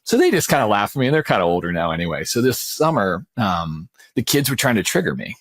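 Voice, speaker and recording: A man's voice: on the low side, sing-song, quick pace, dry recording, clean studio sound. A man in his forties, a podcast co-host, telling a personal story candidly over a remote call, rambling with lots of restarts and calling people "man" and "dude".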